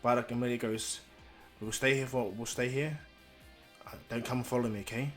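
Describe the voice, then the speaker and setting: Man, casual fan story narration, rambling, many restarts, mid pitch, faint background music. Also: fairly even intonation, brisk, a bit bright. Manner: rambling, with many restarts, and quotes each character in the flow.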